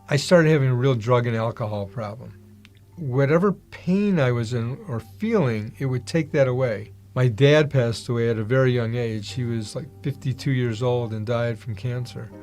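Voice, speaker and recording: A man's voice: mid-range voice, a little mellow. A man giving a personal testimony, telling his story vividly and acting out the dialogue in it. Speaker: testimony speaker.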